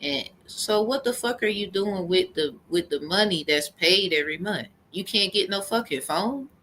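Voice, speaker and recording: A woman's voice: medium pitch, expressive, normal speed, a bit bright, a little hiss or hum. Heated, profane woman ranting. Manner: heated, profane, rambling storytelling. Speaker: vlogger. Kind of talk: angry personal rant.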